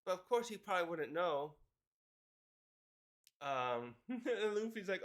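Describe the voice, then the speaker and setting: A man's voice: on the high side, big pitch swings, normal speed, pauses often, a bit bright. A man casually recapping a comic chapter, rambling with fillers and chuckles. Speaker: manga reviewer.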